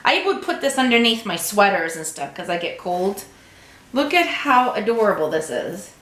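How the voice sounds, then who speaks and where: A woman's voice: medium pitch, very animated, normal speed, a bit bright, echoey room. A woman vlogger unboxing a subscription box at home, gushing over each item and cooing to her cat. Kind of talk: casual unboxing chat.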